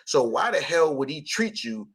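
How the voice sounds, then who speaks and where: A man's voice: on the high side, very animated, normal speed, fairly bright tone, slightly rough. A man hosting a radio show, teaching scripture in casual talk, blunt and profane, laughing often.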